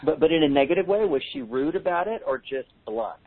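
A man's voice: a little high, animated, a little fast, slightly rough. A man hosting a handwriting analysis seminar with callers, explaining in a chatty way with joking asides. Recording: tinny phone-line audio.

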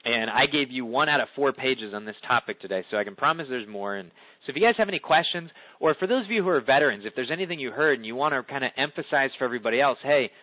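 A man leading a conference call, teaching public speaking in an animated coaching talk that swoops up and down for emphasis. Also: medium pitch, quick pace, dry recording. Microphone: phone. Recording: tinny phone line, dry.

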